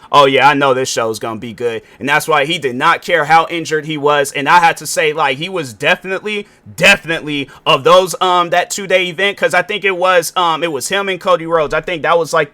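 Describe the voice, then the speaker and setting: Animated young man with a bright voice. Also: a little high. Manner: rambling, animated, self-correcting with many fillers. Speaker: podcast host. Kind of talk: casual solo podcast monologue. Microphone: sitting at a podcast mic.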